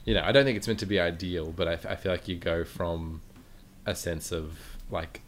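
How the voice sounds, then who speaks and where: Deep voiced guy musing about a movie, slow to get there, lots of ums. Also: steady tone. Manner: thoughtful, hesitant, reflective. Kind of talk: casual chat about a film.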